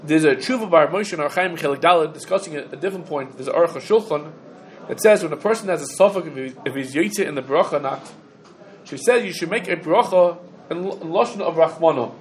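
A man's voice: on the high side, fast talker. A man teaching a halacha class, going through rulings step by step, quoting sources and asking questions. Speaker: Torah teacher.

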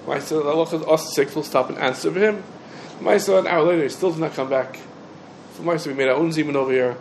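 Male teacher, middle-aged, high-pitched, brisk animated lecture delivery, faint room noise. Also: creaky, low-quality recording. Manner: quick, animated, quotes back and forth. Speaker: rabbi teaching halacha. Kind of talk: Torah lesson lecture.

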